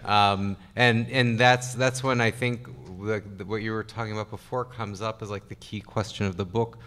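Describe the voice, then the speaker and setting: A man's voice: lowish voice, steady tone, moderate pace, fairly bright tone. A man moderating a convention panel, asking thoughtful questions in an agreeable, slightly hesitant way. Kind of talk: panel interview.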